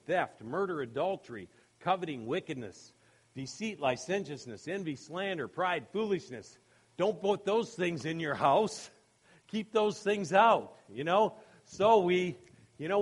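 Male pastor, sermon, slightly high voice, chatty asides, playful storytelling. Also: slightly rough. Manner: conversational, many "you know" and "okay?" asides; acts out quoted voices in humorous anecdotes, laughing.

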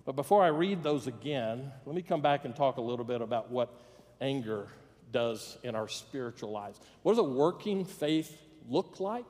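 A pastor tells a humorous story during his sermon in a church sanctuary, playing out the quoted voices with jokes. His medium-pitched voice is expressive and a little mellow at normal speed, carried by the long reverb of a church hall.

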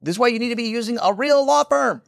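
A man co-hosting a business podcast, giving brisk, insistent advice. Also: very high voice, expressive, vocal fry, a bit bright, dry recording, clean studio sound. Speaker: podcast co-host, business lawyer. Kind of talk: casual podcast chat.

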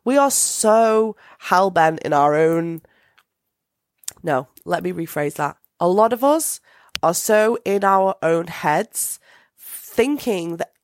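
A woman's voice: fairly low pitch, no echo, studio quality. A woman hosting a casual solo podcast, rambling with many fillers and restarts. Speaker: podcast host.

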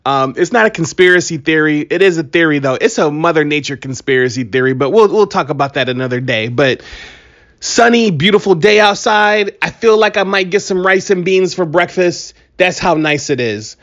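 A fairly high-voiced man rambling through a solo podcast with hyped, joking energy. His voice sounds a little worn from allergies. The recording is muffled and lo-fi, as if from a home setup. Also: normal speed. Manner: animated, joking, hype. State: allergies, voice a bit strained. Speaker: podcast host. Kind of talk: casual solo podcast monologue.

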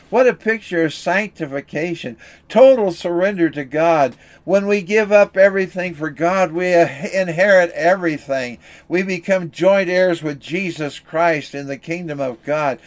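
A man preaching a sermon, telling an illustration story in an earnest, steady way. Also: fairly high pitch, measured pace. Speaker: pastor.

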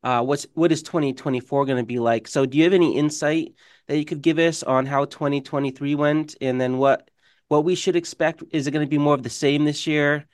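A man co-hosts an interview with a smooth, resonant voice that sits a little high. He asks polite questions, hesitating now and then. The sound is dry, with no room echo. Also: fairly even intonation, brisk. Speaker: guest co-host. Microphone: video call.

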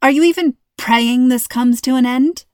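A woman's voice: sits high, normal speed, no room sound, studio quality, natural voice. Wry teen girl, as a woman reads her. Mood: teasing. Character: teenage girl, wry and impatient.

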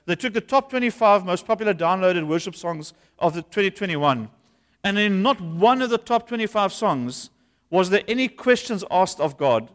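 A man's voice: sits high, expressive, moderate pace, fairly bright tone. A man, a pastor preaching an earnest, conversational sermon in a church. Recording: long hall reverb.

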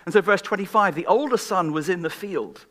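Guy preaching, fairly high voice, goes loud then whispery. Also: brisk. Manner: swings from loud emphatic questions to hushed whispers. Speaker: guest preacher. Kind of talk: sermon. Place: church gathering.

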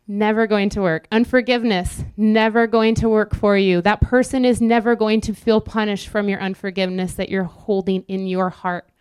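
A woman's voice: medium pitch, steady tone, moderate pace, hardly any pauses, darkish tone, clear, resonant tone, no room sound, studio quality. A woman preaching a sermon, emphatic and repetitive, acting out quoted inner voices.

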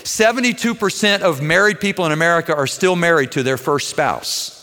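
A man preaching a sermon as a pastor, earnest, moving between quiet tenderness and raised intensity. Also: fairly high pitch, brisk. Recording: long hall reverb.

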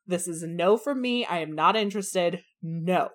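Frank, animated woman in casual chat. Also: lowish voice, moderate pace. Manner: animated, frank, slangy, acts out quotes. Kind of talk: casual book discussion chat.

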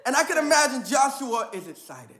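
A male pastor preaches with a high, bright voice that stays lively and playful. He slips casual slang into the sermon, and his energy rises and falls with the message. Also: brisk.

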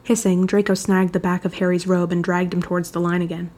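A woman narrating a fan fiction chapter aloud, reading in an even, measured storytelling manner. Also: lowish voice.

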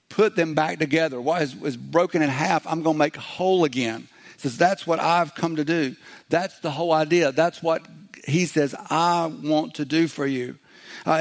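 A middle-aged man preaching a sermon in a conversational way, slipping into quick acted-out voices as he goes. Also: on the high side. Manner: conversational preaching, acts out little quoted voices. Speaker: pastor.

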